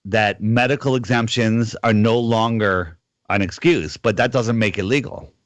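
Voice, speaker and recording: A man's voice: lowish voice, moderate pace, no echo. A middle-aged man on a casual call-in radio show, telling a rambling story and acting out the lines of the people in it.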